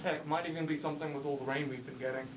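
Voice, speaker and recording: Brief: actor as laid-back caving buddy, higher voice, heard far off under loud noise. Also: male voice, steady tone, racing, lightly acted. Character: easygoing male digging partner.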